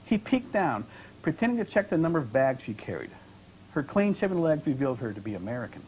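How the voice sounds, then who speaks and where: Male author, literary reading, expressive storytelling, lively pitch, slightly high voice. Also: fast, slight background noise, poor audio. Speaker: author and creative writing professor.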